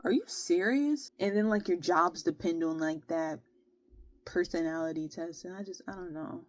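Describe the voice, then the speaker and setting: A woman's voice: lowish voice, normal speed, dry recording. Exasperated young woman vlogging. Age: young adult. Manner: animated, exasperated, slangy. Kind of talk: casual storytelling.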